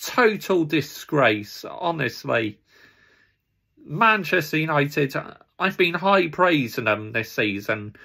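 Furious gravelly-voiced football fan ranting. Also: male voice, a little high, very animated, slow pace, bright, forceful tone. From England. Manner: furious, swearing, repeating himself. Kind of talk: angry ranting fan vlog.

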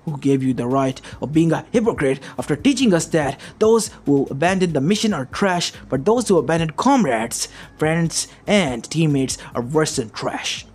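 A man's voice: a little high, lively intonation, normal speed, hardly any pauses, darkish tone, natural voice. A man voicing an arrogant, cruel male demon lord who speaks with cold contempt, over faint background music. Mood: accusing.

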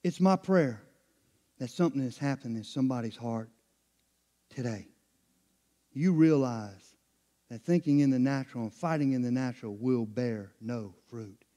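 A middle-aged man, preaching a sermon as pastor, dropping to low murmurs and rising to loud, high climaxes. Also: moderate pace, pauses often.

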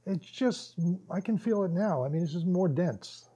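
At a workshop, a man tells stories to a small group in a relaxed, lively way, laughing often and acting out the lines he quotes. His voice sits high and husky, and his pace is moderate.

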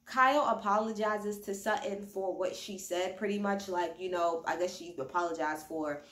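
In a lowish, slightly bright voice at normal speed, a reality TV recapper chats casually from home, a bit tipsy and full of slang and swear words. Without an external mic, just the device's own, the sound echoes around the room.

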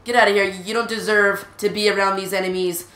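A woman hosting a gaming channel, giving live gameplay commentary in an excitable way, repeating urgent exclamations and often stammering. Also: medium pitch, fairly quick, echoey room.

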